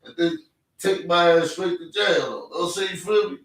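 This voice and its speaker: A man's voice: high-pitched, normal speed, fairly bright tone. A man telling a personal story in casual talk, rambling in street slang and checking in with "you feel me" again and again. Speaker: podcast host. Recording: echoey room, mic at a distance.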